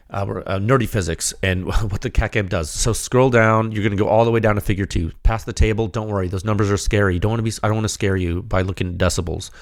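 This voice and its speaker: A man hosting a podcast, slightly hoarse and losing his voice, giving an emphatic, rhetorical unscripted technical monologue straight to his audience. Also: lowish voice. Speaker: podcast host, firearms silencer researcher.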